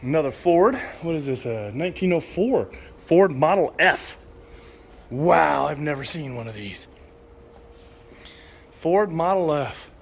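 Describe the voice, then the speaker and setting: A man's voice: on the high side, expressive, unhurried, vocal fry, long pauses, slight background noise. Enthusiastic man touring a car museum. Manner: enthusiastic, reads exhibit signs aloud, stumbles on names. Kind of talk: casual walk-through commentary. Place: indoor car museum hall.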